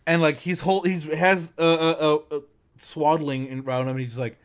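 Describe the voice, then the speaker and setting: A man's voice: fairly high pitch, normal speed. A man in casual chat, retelling a movie scene with laughter and acted-out quotes. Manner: animated, laughing, acts out quotes. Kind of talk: casual chat recapping a film.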